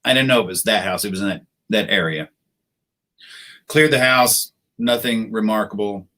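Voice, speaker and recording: A middle-aged American man tells stories as a podcast guest, unhurried and anecdotal. His voice sits fairly low. He acts out the people he quotes. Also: bright, forceful tone. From United States. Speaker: podcast guest, retired special operations soldier. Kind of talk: casual storytelling interview.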